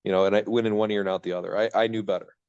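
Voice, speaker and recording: Fast-talking low-voiced man telling his story. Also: fairly even intonation, a little mellow, smooth. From Michigan, USA. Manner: rambling, self-interrupting, acts out his own past thoughts. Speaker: podcast guest. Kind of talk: candid storytelling in a podcast interview. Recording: dull lo-fi sound.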